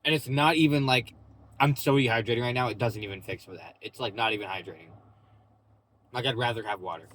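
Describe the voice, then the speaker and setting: Sitting in his parked car in a parking lot, a young vlogger chats in a casual, rambling way packed with "bro" and "like." He speaks briskly in a mid-range voice with a fairly bright tone.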